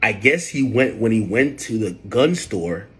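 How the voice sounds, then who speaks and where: Male livestream host, husky, animated storyteller, big pitch swings, loud outbursts. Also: unhurried. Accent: New York. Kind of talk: casual livestream chat.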